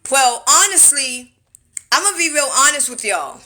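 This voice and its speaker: Young woman, phone livestream, high bright voice, animated and emphatic casual storyteller. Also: normal speed. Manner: animated, loud storytelling with laughter, emphatic repetition. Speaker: TikTok live streamer. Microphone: phone camera.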